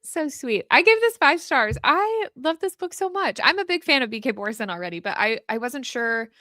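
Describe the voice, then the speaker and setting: A woman's voice: sits high, big pitch swings, a little fast, bright, forceful tone, dry recording, clean studio sound. A woman co-hosting a casual livestream book chat, giggly and enthusiastic. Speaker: podcast co-host. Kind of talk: casual chat about books. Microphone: livestream desk mic.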